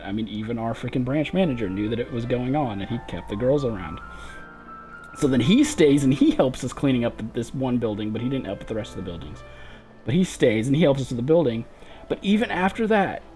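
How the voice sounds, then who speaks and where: A man's voice: mid-range voice, dark tone. A man livestreaming a game, telling a long profane story in a frustrated casual rant and laughing through it. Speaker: gaming livestreamer.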